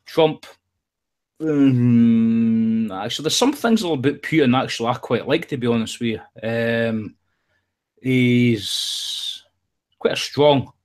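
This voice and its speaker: A man's voice: mid-range voice, expressive, slow, long pauses. A man rambling in casual chat, swearing freely and telling jokey stories. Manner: rambling, profane, jokey storytelling.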